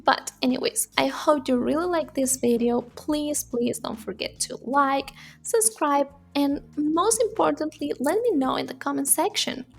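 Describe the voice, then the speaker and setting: A woman teaching Spanish in a casual video lesson, chatty and repeating phrases slowly for learners. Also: high-pitched, vocal fry, soft background music.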